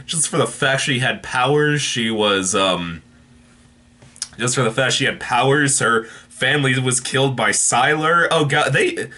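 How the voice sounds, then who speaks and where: A man's voice: mid-range voice, a little slow, bright, forceful tone. A man giving a casual, unscripted TV episode review, rambling with many fillers and restarts.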